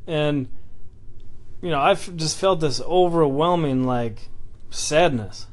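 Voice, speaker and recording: A man telling a personal story in a casual, halting way, with many fillers and restarts. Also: on the high side.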